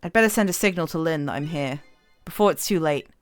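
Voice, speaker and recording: A woman voicing a calm male ghost as she reads game dialogue aloud, low and matter-of-fact. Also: fast, soft background music, lightly acted. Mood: steady.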